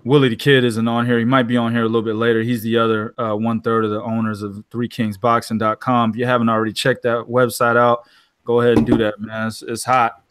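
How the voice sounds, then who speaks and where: A man talking as a guest on a casual online hangout, briskly and repeating words as he plugs his site. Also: medium pitch, little pitch movement, fairly bright tone, clean tone, dry recording. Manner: brisk plug-style talk, repeats words. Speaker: guest, co-owner of a boxing site.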